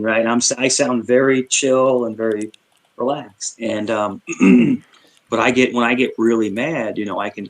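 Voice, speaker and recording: A middle-aged man from Queens with a New York accent, chatting casually on a stream and switching between quick talk and slow, calm speech. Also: mid-range voice, low-quality recording. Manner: chatty, with many fillers. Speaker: stream panelist. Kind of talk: casual group chat on a stream.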